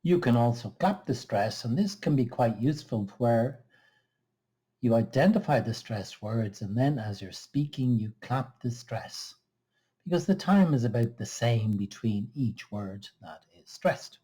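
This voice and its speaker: A man teaching English pronunciation, explaining exercises in a slow, careful, measured way. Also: medium pitch, lively intonation, warm tone, slightly rough. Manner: slow, careful, measured delivery with small restarts. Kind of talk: scripted lesson explanation.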